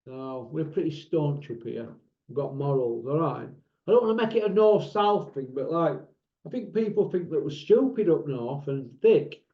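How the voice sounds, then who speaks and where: Northern English man, channel host ranting to camera, blunt and mocking, high voice, roomy lo-fi recording. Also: lively intonation, moderate pace. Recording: roomy, dull lo-fi sound.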